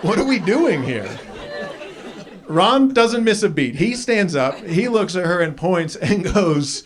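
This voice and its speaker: Animated stand-up comic, laughing crowd. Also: male voice, high-pitched, slow. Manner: animated storytelling, acts out characters with raised voice. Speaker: stand-up comedian. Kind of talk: stand-up comedy set. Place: comedy club stage before a live audience. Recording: live club audience laughter.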